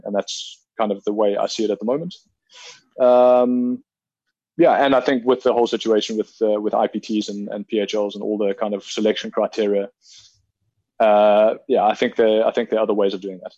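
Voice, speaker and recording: Low flat-voiced man, measured and reflective. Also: dry recording, muffled recording. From South Africa. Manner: measured, reflective, many ums and restarts. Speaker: field hockey player, interview guest. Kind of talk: casual interview conversation.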